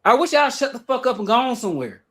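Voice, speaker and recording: A man with an Atlanta Southern accent rants on a livestream. His voice sits high for a man, and he talks with emphatic, profane energy, circling back and repeating words as he builds his point. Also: sing-song, fast, a bit bright. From Atlanta, Georgia. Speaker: livestream guest. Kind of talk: heated livestream rant.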